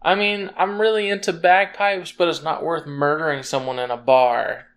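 A man's voice: on the high side, fairly even intonation, moderate pace, fairly bright tone, slight background noise. A man playing a tabletop game, wry and mild in his remarks. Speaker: player. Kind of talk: casual tabletop play.

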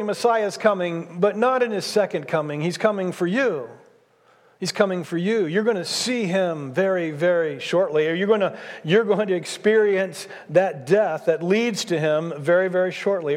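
A man in his sixties, a pastor preaching a sermon, speaking emphatically and repeating his key phrases. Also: sits high. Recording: long hall reverb.

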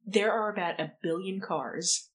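A woman's voice: mid-range voice, a little slow. A woman playing a tabletop game, joking in casual banter. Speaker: player.

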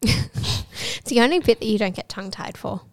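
A woman's voice: on the high side, lively intonation, moderate pace, no echo. Female podcast co-host, chatty and rambling, dry close mic. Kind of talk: casual chat.

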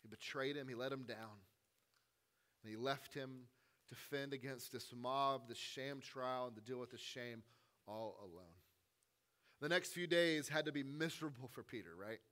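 Bright-voiced male pastor preaching. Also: medium pitch, moderate pace. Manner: retells scripture with a storyteller's drama, dropping to a hush; conversational preaching with casual asides. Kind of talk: Easter sermon.

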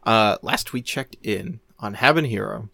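Gravelly low-voiced man, chatty. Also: measured pace, sharp tone, no room sound. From Maine, USA. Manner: laughs often, rambling with many restarts. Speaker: podcast co-host telling a story. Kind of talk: casual chat.

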